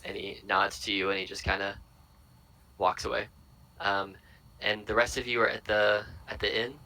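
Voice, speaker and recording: Man with a bright voice running a game. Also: lowish voice, moderate pace, poor audio. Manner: relaxed, rambling narration with fillers. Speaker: dungeon master. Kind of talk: narrating a tabletop game.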